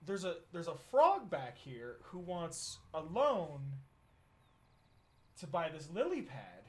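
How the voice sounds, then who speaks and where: A man's voice: fairly high pitch, wildly swooping pitch, slow, heavily acted. A man voicing a bewildered female bank teller in a joke told on a game stream.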